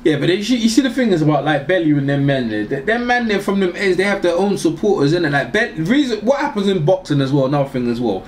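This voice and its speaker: Lively slangy London man talking boxing. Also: a little high, fast talker, few pauses, slight background noise. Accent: London English. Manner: streetwise slang, swears, says "bruv" and "innit" a lot. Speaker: boxing show co-host. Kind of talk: casual chat.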